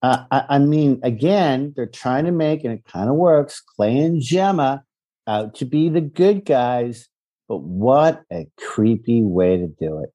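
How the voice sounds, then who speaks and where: A man talking on a podcast about a show he was in, his speech lively and full of swearing. His voice is warm and somewhat husky, and he keeps the banter jokey. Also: medium pitch, measured pace. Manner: profane, animated, jokey. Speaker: podcast co-host, former cast member. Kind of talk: casual chat.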